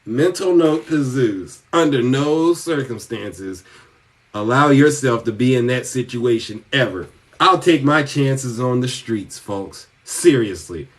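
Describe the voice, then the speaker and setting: A man hosting a show, telling a comic story in an animated way and calling himself by name. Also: medium pitch, slow, far from the mic. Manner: animated, refers to himself in the third person. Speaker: podcast host. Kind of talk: comedic storytelling monologue.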